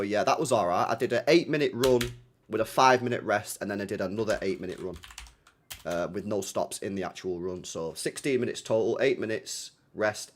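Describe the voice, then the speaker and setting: A young man chatting casually to his live stream audience, rambling with slang, swearing and frequent laughter. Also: lowish voice. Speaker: streamer hosting a football watchalong.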